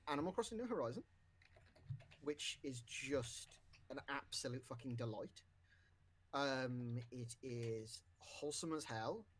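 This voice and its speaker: A man co-hosting a casual podcast, rambling with lots of fillers and restarts, currently with the hiccups. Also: medium pitch. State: has the hiccups. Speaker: podcast co-host.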